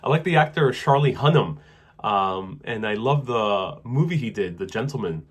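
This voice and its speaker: A man hosting a casual live stream, answering viewer questions about travel in a relaxed, rambling way with many fillers. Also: on the low side, moderate pace, husky. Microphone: wireless clip-on mic.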